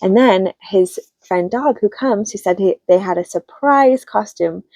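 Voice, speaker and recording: A woman's voice: medium pitch, unhurried, darkish tone, no room sound. A woman in her thirties, a homeschooling mom, chatting casually as she retells children's books with an upbeat manner. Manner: chatty and upbeat, retells stories with light laughs. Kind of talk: casual book review. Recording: slightly dull lo-fi sound.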